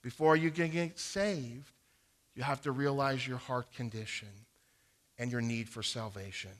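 Teaching how to share the gospel, a middle-aged preacher recites King James scripture in an earnest, unhurried manner. His medium-pitched voice is a bit bright, and he stumbles by repeating words at the beginnings of sentences.

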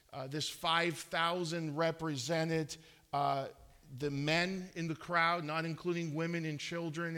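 Bright-voiced halting male preacher. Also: on the high side. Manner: halting, repeats words, many fillers. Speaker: pastor. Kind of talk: sermon.

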